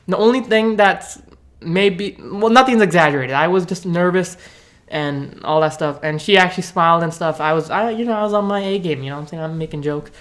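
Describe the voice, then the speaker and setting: A man's voice: high-pitched, a little fast, a bit bright. Rambling, profane young man vlogging. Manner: rambling, profane, self-mocking. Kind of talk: casual storytelling to camera.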